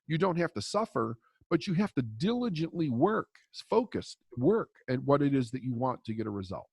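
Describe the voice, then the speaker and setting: Lively, blunt man coaching. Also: medium pitch, brisk, vocal fry, slightly rough, dry recording. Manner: blunt, emphatic, swears freely. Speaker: success and mindset coach. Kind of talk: storytelling in a podcast interview.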